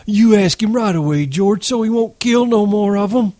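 A man reading aloud and voicing a big, simple-minded, childlike man who pleads excitedly. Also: high voice, normal speed, dry recording, voice pushed up.

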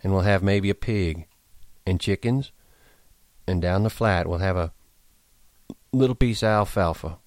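A man voicing a weary, protective ranch hand who speaks quietly and tiredly in an audiobook reading. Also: low voice, a little slow, pauses often, no echo. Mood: quiet soothing.

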